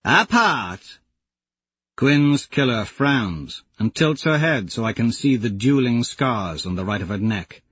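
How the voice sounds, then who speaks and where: A man reads a first-person audiobook in a slow, measured way. His voice is husky and sits at a middling pitch. The sound is dry and slightly dull. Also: animated, no echo. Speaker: audiobook narrator.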